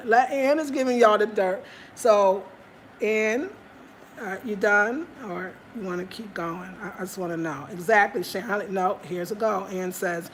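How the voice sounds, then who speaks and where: A woman's voice: medium pitch, a little slow, slight background noise. A woman hosting a live stream from Ghana, candidly chatting and answering viewer comments. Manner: candid, animated, talks straight to viewers. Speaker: livestream host. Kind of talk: casual chat reading viewer comments. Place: home in Ghana.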